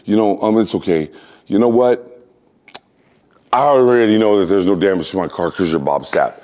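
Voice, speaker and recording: A man voicing an excited, starstruck young male fan who gushes and repeats himself. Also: deep voice, normal speed, natural voice.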